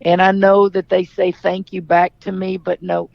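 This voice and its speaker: A woman's voice: fairly low pitch, flat delivery, moderate pace, creaky, no room sound, muffled recording. A middle-aged woman from Louisiana, a basketball coach answering interview questions in a forthright, storytelling manner.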